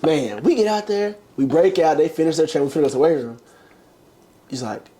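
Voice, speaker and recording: A man's voice: a little high, very animated, fast talker, dark tone. A young man casually telling a long story as an interview guest, acting out the quotes with big jumps in his voice. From United States. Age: young adult. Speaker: interview guest, former college basketball player.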